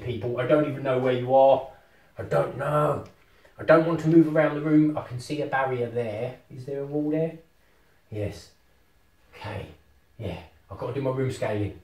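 A man, vlogging casually as he sets up VR at home and talks to himself excitedly. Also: medium pitch, moderate pace, far from the mic. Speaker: tech vlogger. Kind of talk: casual vlog commentary while setting up VR. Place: house with rooms on two floors. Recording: roomy home room, voice often off-mic.

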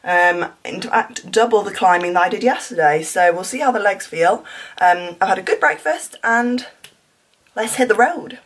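A woman's voice: mid-range voice, normal speed, poor audio. A young woman, chatting casually to camera in an upbeat, breathless way as a cycling vlogger. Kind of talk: casual vlog chat to camera.

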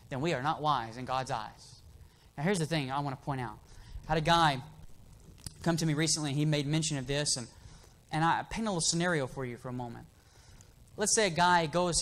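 A man's voice: a little high, fairly bright tone. Man preaching an emphatic sermon. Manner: emphatic, asks the congregation for amens. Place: church.

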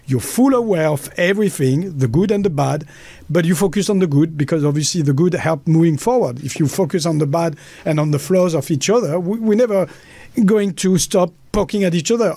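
In this dry recording, a male guest with a French accent speaks a little fast in a warm, slightly high voice. It's a passionate exchange, and he is blunt and emphatic, performing quoted voices as he goes.

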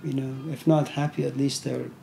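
A man's voice: medium pitch, little pitch movement, moderate pace, gravelly, mellow, faint music behind. A man giving an informal philosophy lecture, talking conversationally with many "you know"s and story asides.

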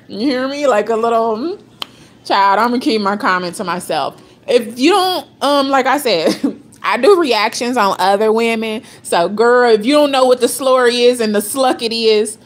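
A woman giving casual reaction commentary, blunt and profane, laughing often as she gossips. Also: fairly high pitch. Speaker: reaction vlogger.

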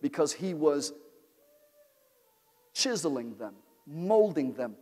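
A man preaching a sermon as pastor, with repetitive call-and-response phrasing that builds to shouts. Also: a little high, sing-song, slow. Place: large church sanctuary. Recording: long church-hall reverb.

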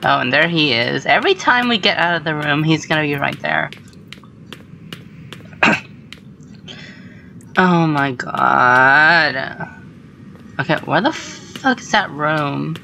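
Excitable swearing woman gamer. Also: sits low, normal speed, vocal fry, slight background noise, low-quality recording. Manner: excitable, swearing, startled shrieks. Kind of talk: let's play commentary.

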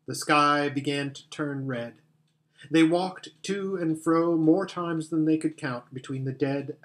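A man narrating a children's fantasy story as an audiobook reader, with gentle storytelling. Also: on the high side. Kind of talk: scripted narration.

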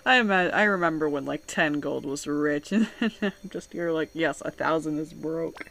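A woman's voice: deep voice, normal speed, vocal fry, a bit bright. A woman giving casual, joking commentary as she plays a video game, often laughing and reading game text aloud. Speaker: video game let's player.

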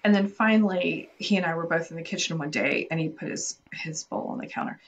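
This woman in her forties co-hosts a podcast and casually tells a story about herself, teasing her own mistakes as the talk turns to parenting. Her voice runs low and a little fast, with a faint hiss or hum on the recording.

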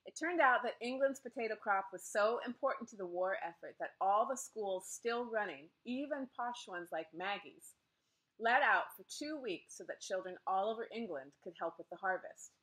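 A woman narrating a novel in the first person, steady and clear. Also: medium pitch, moderate pace. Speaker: audiobook narrator.

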